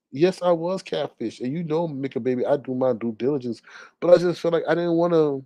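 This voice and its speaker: Loud and indignant, a caller to a live talk stream rants in an animated, casual manner, drawling as he swings between outbursts and muttering. He speaks at a normal speed in a slightly high voice. It's a dry, close recording with no room sound.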